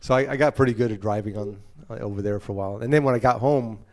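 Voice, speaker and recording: An American musician being interviewed, telling stories in a casual, animated way and acting out other people's lines. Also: male voice, fairly low pitch, very fast. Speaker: musician guest.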